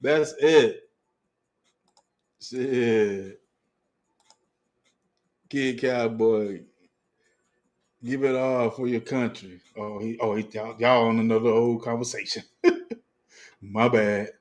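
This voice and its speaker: A man's voice: medium pitch, slow pace, pauses often. A man hosting a fan livestream, ranting profanely in heavy slang, laughing often and reading chat comments aloud. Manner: profane, animated, laughs often, restarts a lot; heavy slang, talks straight to viewers. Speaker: sports fan livestream host.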